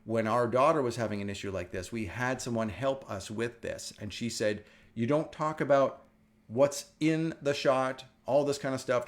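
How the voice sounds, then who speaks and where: A middle-aged man from the United States hosting a casual wellness talk, telling stories with animated energy and frequent laughter. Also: medium pitch. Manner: animated storytelling, laughs often. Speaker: wellness show host. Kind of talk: casual chat.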